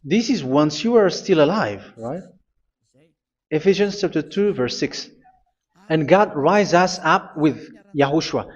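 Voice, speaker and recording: Male preacher, somewhat high voice, halting delivery that reads scripture out, muffled lo-fi recording. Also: lively intonation. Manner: halting, repeats phrases, reads scripture aloud. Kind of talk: sermon.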